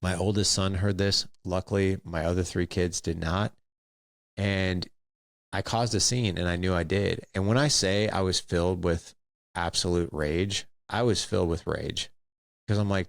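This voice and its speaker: A man hosting a podcast, telling a personal story in a candid, animated way with acted-out quotes. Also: deep voice, normal speed, vocal fry, dry recording, studio quality. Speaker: podcast host.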